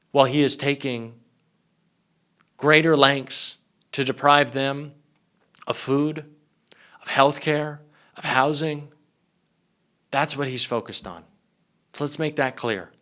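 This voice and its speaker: A man's voice: medium pitch, a bit bright. A male political commentator giving sarcastic, mocking reaction commentary, with casual profanity.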